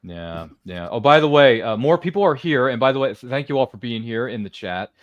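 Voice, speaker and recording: A man in his thirties hosts a watchalong live stream, rattling along quickly with bursts of excitement and playful asides. His pitch leaps and dips all over the place. The sound is dry and close, with no room behind him. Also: no echo, lo-fi sound. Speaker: livestream watchalong host. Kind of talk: casual live-stream chat. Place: home studio.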